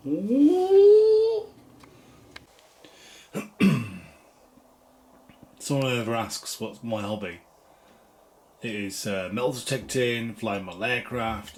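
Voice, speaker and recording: A man's voice: fairly low pitch, slow, long pauses, a bit bright, slight background noise. Rambling man's video diary. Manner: rambling, chatty, self-mocking. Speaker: vlogger. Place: at home.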